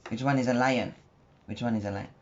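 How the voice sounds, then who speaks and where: A man's voice: mid-range voice, steady tone, a little fast. A man at home patiently coaxing his toddler, repeating simple questions in a casual home video. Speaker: father teaching his toddler. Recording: muffled home recording with faint hiss.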